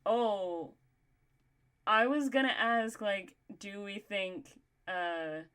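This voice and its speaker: A woman's voice: medium pitch, drawn-out words, fairly bright tone, clear, resonant tone. A young woman from Texas hosting a stream, giggly and chatty with many fillers. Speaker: streamer host. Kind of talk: casual stream chat.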